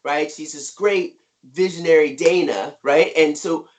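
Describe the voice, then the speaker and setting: Middle-aged male guest, upbeat and emphatic, slightly high voice, on a video call. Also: a little slow. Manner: energetic, emphatic, keeps asking "right?". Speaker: author and guest speaker. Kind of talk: conversational interview.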